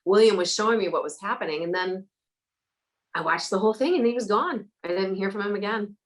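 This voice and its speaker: A woman guest, a psychic medium, telling stories in a casual interview, animated and laughing often, acting out the voices of the people in her tales. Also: mid-range voice, fairly quick, low-quality recording.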